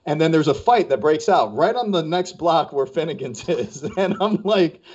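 A man's voice: a little high, expressive, moderate pace, a little mellow, husky. A man casually telling a story on a podcast as a co-host, acting out the voices of people he quotes. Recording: dull lo-fi podcast audio.

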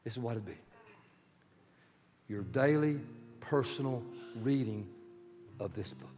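A pastor in his sixties preaching a sermon, swinging from loud urgent pleading to soft, hushed prayer. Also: mid-range voice, animated, a little slow. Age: 60s. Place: church sanctuary. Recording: long hall reverb with guitar music behind. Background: soft guitar music.

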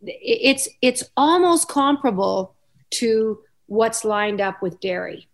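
A woman's voice: on the high side, animated, takes it slowly. Chatty woman radio host. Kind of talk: casual radio chat.

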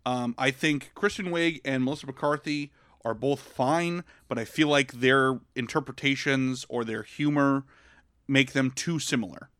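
Male podcast co-host, mid-pitch, chatty and rambling, dry close mic. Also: unhurried, clear, resonant tone, no echo. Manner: animated, rambling, lots of fillers. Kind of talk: casual film review chat.

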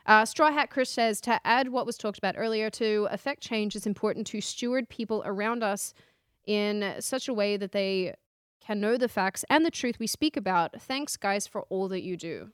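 A woman's voice: medium pitch, moderate pace, clean tone, no room sound, studio quality. A woman with an Australian accent co-hosting a podcast, casually reading out viewer comments. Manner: reads comments aloud, easygoing. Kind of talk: casual live-stream chat.

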